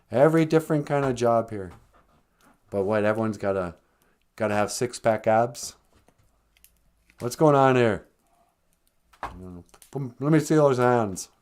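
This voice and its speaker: A man voicing a pushy, nosy male police officer who questions loudly and blusters. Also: mid-range voice, clean tone, natural voice. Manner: loud, rising, blustery questioning. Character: gruff male beat cop, nosy and pushy.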